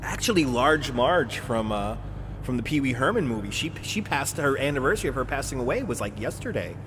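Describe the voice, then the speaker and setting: A man's voice: medium pitch, sing-song, brisk, noisy background. A man streaming a driving game in casual chat, joking and laughing often as he talks to viewers. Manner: joking, laughs often, self-mocking asides. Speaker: live streamer.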